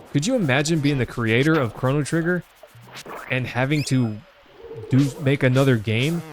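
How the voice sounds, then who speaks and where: A man with a Southern US accent streaming a retro game, chatting casually and rambling to his chat with many fillers. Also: medium pitch. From Southern United States. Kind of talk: casual live-stream chat while gaming.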